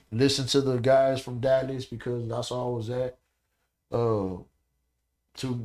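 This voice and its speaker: A man in an average pitch talks as a podcast guest in a loose, casual chat. He tells his stories in an animated, profane way, often checking in with "you know what I'm saying".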